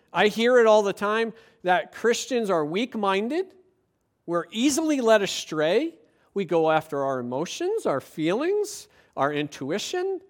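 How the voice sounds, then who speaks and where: Preacher talking casually to the congregation, lots of quick questions, animated and chatty. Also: mid-range voice. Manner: lively, conversational, rhetorical questions. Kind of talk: sermon.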